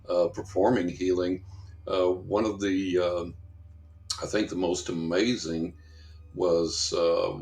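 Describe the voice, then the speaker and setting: A man's voice: low voice, echoey room. A man, a psychic investigator guest, telling rambling anecdotes in an interview and acting out the voices of people he quotes. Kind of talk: storytelling in a podcast interview.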